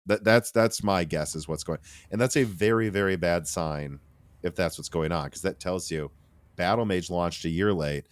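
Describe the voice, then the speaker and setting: A man hosting a casual tech podcast, talking in an animated, rambling way with restarts and asides. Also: sits low, normal speed, smooth. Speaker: podcast host.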